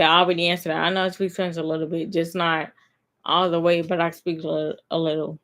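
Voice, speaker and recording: A woman's voice: fairly low pitch, flat delivery, a little fast, a bit bright. A young woman talking casually to her camera, telling a long story in a rambling, emphatic way with lots of filler words. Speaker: vlogger.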